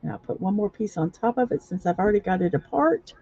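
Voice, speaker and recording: A woman hosting a casual livestream, talking viewers through a building-block project step by step, halting often with fillers and restarts. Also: mid-range voice, animated, warm tone, husky. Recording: dull lo-fi recording.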